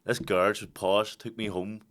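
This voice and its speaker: A man's voice: on the low side, level tone, normal speed, a bit bright. A man from West Belfast with a Belfast accent, a guest telling sweary stories in a casual comedy podcast chat. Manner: storytelling, sweary banter.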